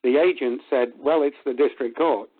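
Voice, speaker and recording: A man's voice: medium pitch, moderate pace, husky. Chuckling man telling a story over the phone. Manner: animated retelling with chuckles and acted-out quotes. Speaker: caller. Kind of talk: casual storytelling on a call-in show. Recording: tinny phone line.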